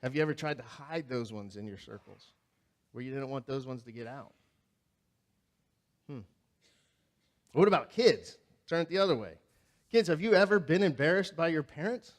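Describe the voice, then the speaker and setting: Guy preaching, bit high voice, chatty and animated, funny stories, asks the crowd stuff. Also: normal speed, long pauses. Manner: conversational, animated, asks the congregation questions. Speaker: pastor. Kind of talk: sermon with humorous storytelling. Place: church sanctuary.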